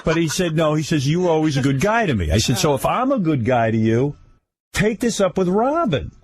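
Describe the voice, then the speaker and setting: A man on talk radio tells an anecdote with lots of swing in his voice. He sits a bit higher than most men. He keeps breaking into exaggerated impressions of the people in his story. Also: fairly quick, slight background noise. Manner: animated, acts out quotes in a higher mocking voice. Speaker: radio host.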